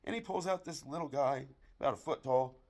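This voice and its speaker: A man's voice: mid-range voice, brisk. Een Amerikaanse man vertelt grove, schunnige moppen in een komisch verhaal vol gevloek, met een droge, nuchtere toon. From United States. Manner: profane, deadpan delivery of dirty jokes. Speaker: barroom joke teller. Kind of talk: crude comedic storytelling monologue.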